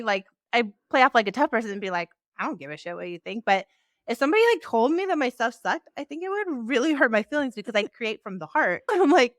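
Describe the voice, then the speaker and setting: A woman hosting a podcast in casual chat, animated and acting out the voices of people she quotes. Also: no room sound, clean studio sound. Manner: animated, acts out quoted voices with big pitch jumps. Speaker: podcast host.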